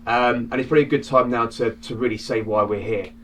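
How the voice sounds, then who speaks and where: A man's voice: mid-range voice, steady tone, fast talker, a little hiss or hum. Hesitant man speaking from a distance. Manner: hesitant, with frequent restarts. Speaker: property investor, project spokesman. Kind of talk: casual explanatory talk. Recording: distant mic with faint outdoor ambience.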